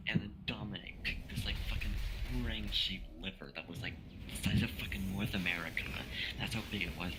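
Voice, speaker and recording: A young man, clearly drunk, rambles through a long story in a somewhat low voice, cursing at nearly every turn. His voice chat line carries a steady hiss of background noise. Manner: rambling, slurred, swears constantly. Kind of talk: casual chat with friends over voice chat.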